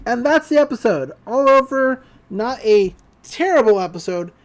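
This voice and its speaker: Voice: mid-range voice, moderate pace. A podcast host retelling a cartoon episode scene by scene with laughter. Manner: animated retelling with frequent laughs. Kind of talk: casual episode recap.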